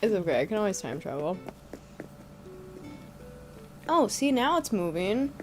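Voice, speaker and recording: A soft-spoken woman streamer chatting casually while eating and gaming, murmuring between bites. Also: mid-range voice, sing-song, a little fast, faint music behind.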